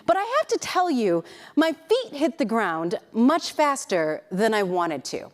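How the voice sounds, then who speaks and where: A middle-aged woman telling a personal story as a keynote speaker, animated and acting out the voices of people in it. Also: a little high, a little slow. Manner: animated, acts out quoted voices. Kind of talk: storytelling talk to an audience.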